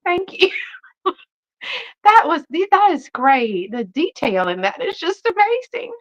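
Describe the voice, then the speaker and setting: A woman's voice: sits high, wildly swooping pitch, measured pace, lo-fi sound. A middle-aged woman, chatting and laughing with viewers on her livestream. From Texas. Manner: chatty and giggly, frequent laughter. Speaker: thrift haul livestream host. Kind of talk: casual live chat with viewers.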